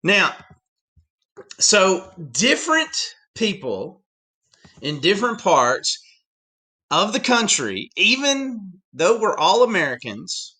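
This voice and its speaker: Animated Southern US teacher, man. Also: high-pitched, slow, pauses often, slightly rough. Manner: animated, chatty, with many asides. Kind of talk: classroom lecture.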